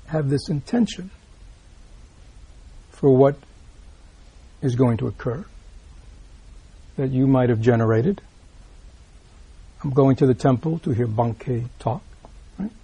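A man giving a Buddhist dharma talk, reading out a teaching and explaining it. He often checks in with listeners by asking "right?", repeats himself, and drops into soft asides. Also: medium pitch, takes it slowly, gravelly, pauses often, breathy edge, no echo. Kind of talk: dharma talk explaining a read-aloud text.

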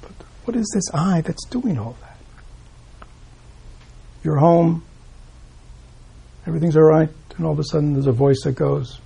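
A man's voice: fairly high pitch, moderate pace, creaky, long pauses, mellow, breathy edge. A man giving a Buddhist dharma talk, asking rhetorical questions and tagging "right?" onto his points with small chuckles. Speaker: Buddhist teacher.

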